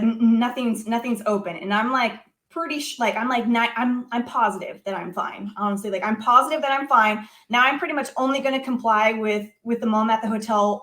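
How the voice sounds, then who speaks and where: Animated woman telling a story. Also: on the high side. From United States. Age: adult. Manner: animated storyteller, many filler words. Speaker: guest. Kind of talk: telling a personal story in conversation.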